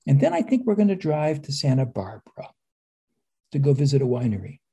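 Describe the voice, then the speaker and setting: Older male guest from the United States, husky and mellow, wry and rambling. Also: medium pitch, huge pitch swings, a little fast. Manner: rambling, with restarts and wry asides. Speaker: author and historian guest. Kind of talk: conversational interview.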